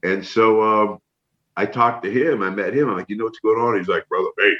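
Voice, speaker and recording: Middle-aged guy from up north, deep voice, animated storytelling, kinda muffled recording. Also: a little fast, reverberant. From northern United States. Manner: animated storyteller, acts out quotes. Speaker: interview guest, former wrestler. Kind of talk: casual storytelling. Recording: dull lo-fi sound.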